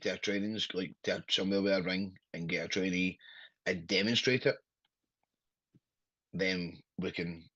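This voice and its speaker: A man's voice: low voice, fairly bright tone, husky, no room sound, dull audio. A Scottish man, a wrestler, chatting casually as a podcast guest, blunt and sweary with a laughing storyteller's manner.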